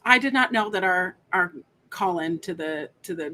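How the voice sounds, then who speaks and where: A woman, a podcast guest, chatting casually and telling animated stories with swearing and frequent laughter. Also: fairly low pitch, moderate pace. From United States. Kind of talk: casual chat.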